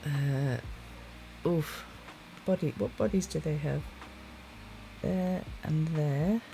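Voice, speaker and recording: A sleepy woman streaming her drawing live, musing quietly to herself and greeting chat viewers. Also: low-pitched, takes it slowly, vocal fry, a little hiss or hum. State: sleepy, yawning.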